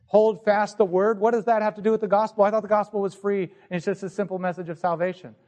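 A male pastor delivers a sermon in his church, speaking in a slightly high voice. He teaches in an earnest way and keeps posing rhetorical questions to the congregation. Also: little pitch movement, rapid-fire, darkish tone. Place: church sanctuary.

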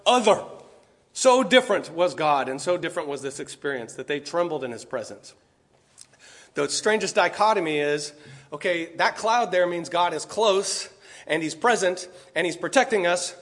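A man delivers a sermon in a high-pitched voice. He reads scripture passages aloud and often stops to put rhetorical questions to the room. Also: a bit bright. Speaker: preacher.

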